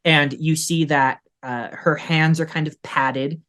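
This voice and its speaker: A man's voice: on the high side, steady tone, slow, a bit bright. A man narrating as game master of a tabletop game, rambling with many fillers. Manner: rambling, full of "like" and "uh".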